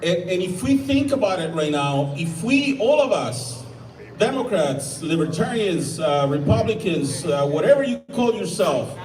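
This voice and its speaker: A man from Mexico with a Mexican Spanish accent gives an impassioned outdoor rally speech, often stumbling and restarting. His voice sits high with big pitch swings, a darkish tone and a moderate pace, and it's recorded from far off, echoey, with a crowd behind.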